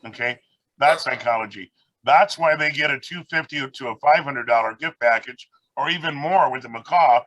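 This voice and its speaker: A man tells a winding story on a video call, now and then acting out the people he met along the way. His voice is bright and forward. The sound is dry, with no room around it. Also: medium pitch, normal speed, no room sound, dull audio. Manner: rambling, anecdotal, acts out quoted people. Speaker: guest speaker, parrot rescue founder.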